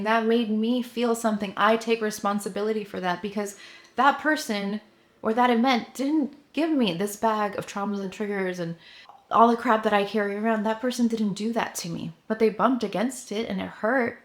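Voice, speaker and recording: A woman in her thirties giving a casual motivational talk to camera, chatty and full of fillers, acting out her own inner voice. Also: mid-range voice. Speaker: vlogger, coach for ambitious women.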